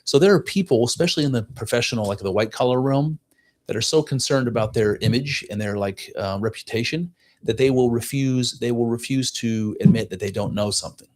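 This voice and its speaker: A man's voice: medium pitch, brisk, a little mellow. A man co-hosting a podcast in casual chat, earnest and rambling, circling his point with restarts. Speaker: podcast co-host.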